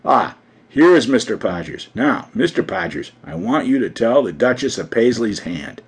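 A man's voice: medium pitch, sing-song, moderate pace, husky. A man voicing a chattering grand society hostess who gossips gushingly.

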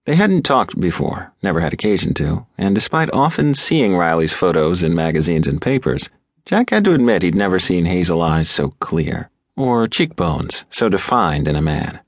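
A man reading a novel aloud as an audiobook narrator, in a measured, deliberate way. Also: low-pitched, sing-song, no room sound, clean studio sound. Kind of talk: scripted narration.

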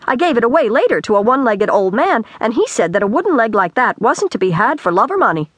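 A woman's voice: fairly high pitch, very animated, fast, a bit bright, no room sound, pitched above the performer's own voice. A woman voicing a bold, boastful girl.

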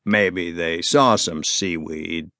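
A male audiobook narrator voicing a calm, patient father in a quiet, lowered voice. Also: takes it slowly, dry recording, clean studio sound, heavily acted. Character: calm, steady father, low-key and patient. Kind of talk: audiobook character voice.

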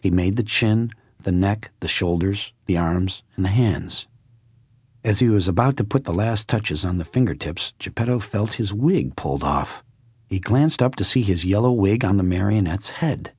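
A man narrating a classic children's story in a measured, expressive way. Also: on the low side, slightly rough, no echo, clean studio sound. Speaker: audiobook narrator.

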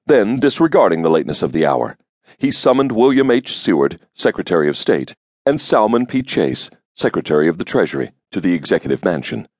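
A man with a very deep voice reads an audiobook in steady, grave narration. He is recorded close on a studio mic in a dry booth. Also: brisk, no echo. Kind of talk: scripted narration.

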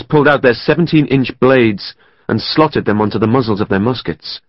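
A man reading a historical novel as audiobook narrator, in a steady, even storytelling manner. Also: mid-range voice, normal speed, dry recording. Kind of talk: scripted narration. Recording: dry, slightly muffled studio.

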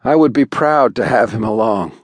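A man voicing a sharp-tongued barbarian woman in a storybook reading, speaking bluntly. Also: mid-range voice, normal speed, dry recording, natural voice.

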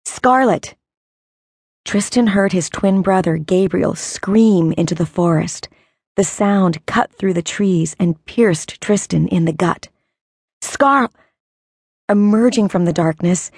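A woman's voice: on the low side, darkish tone, slightly rough, no echo, clean studio sound. A woman doing a frantic, hot-tempered young man. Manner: cries out, snapping questions.

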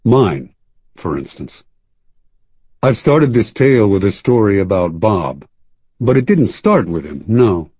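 Husky, dry-voiced male audiobook narrator. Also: on the low side, very animated, no room sound, highs cut off. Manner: measured, wry storytelling with dropped asides. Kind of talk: first-person scripted narration.

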